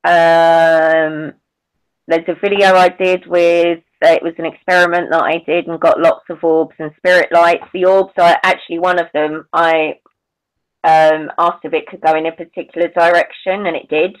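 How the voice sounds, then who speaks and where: A woman's voice: on the low side, level tone, clear, resonant tone, low-quality recording. Chatty Southern English woman. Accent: Southern English with slight Irish twang. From England, family from Belfast. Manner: chatty, laughing, halting restarts. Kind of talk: casual chat.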